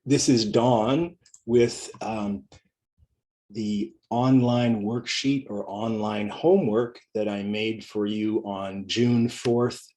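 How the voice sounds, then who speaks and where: A man's voice: fairly low pitch, a little mellow. A middle-aged man teaching a pronunciation lesson, speaking carefully and repeating each word for learners.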